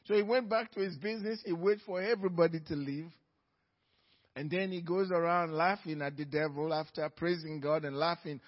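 High-voiced preaching man in echoey hall. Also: moderate pace. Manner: builds from quiet storytelling to loud fervent preaching. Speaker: pastor. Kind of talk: sermon. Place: church sanctuary. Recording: church hall reverb, dull lo-fi sound.

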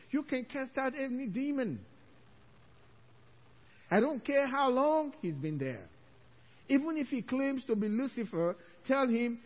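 A male pastor preaching a sermon, telling a story with animated delivery and frequent laughter. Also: extremely high pitch, normal speed, long reverb tail, dull audio.

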